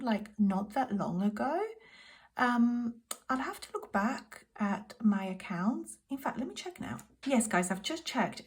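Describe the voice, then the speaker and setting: A woman in her thirties from the UK, chatting casually through her monthly bills at home, talking in a hushed, half-whispered voice because her daughter sleeps next door. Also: medium pitch. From United Kingdom. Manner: chatty, talks straight to viewers as "guys"; speaks softly, half-whispering so a child can sleep. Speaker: budgeting vlogger. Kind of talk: casual monthly budget walkthrough.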